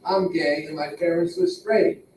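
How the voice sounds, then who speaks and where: A man's voice: on the high side, measured pace, distant mic, a little hiss or hum. A man emceeing an open mic, firing off short one-liners and tagging them with "yeah". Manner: tags jokes with "yeah", punchy deadpan one-liners. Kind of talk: stand-up between acts. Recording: very echoey room, heard from afar.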